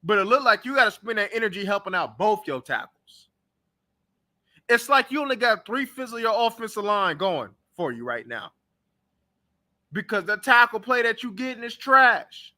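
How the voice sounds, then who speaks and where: A young man with a high, very bright and forceful voice rants about football on his own talk show. He is blunt and heated, calling players out in a loose, casual sports-reaction style. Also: very animated, moderate pace. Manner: blunt, trash-talking, heated.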